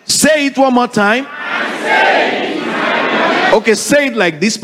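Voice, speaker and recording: Pastor, high lively voice, emphatic call-and-response preaching. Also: male voice, slow pace, pauses often, a loud crowd, very noisy. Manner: emphatic, repetitive, calls for congregation responses. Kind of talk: preaching sermon.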